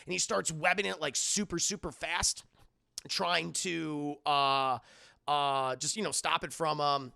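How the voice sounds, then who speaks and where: Excitable male streamer recapping a film, high and gravelly, swears a lot. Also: unhurried. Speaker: film reviewer streaming live.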